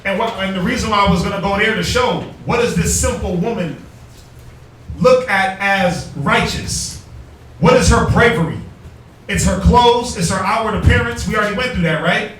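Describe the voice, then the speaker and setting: A high-voiced man teaches his class with emphatic rhetorical questions and street slang. He sounds far from the mic in a very echoey room. Faint noise sits underneath. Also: normal speed, a bit bright. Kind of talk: preaching class lesson.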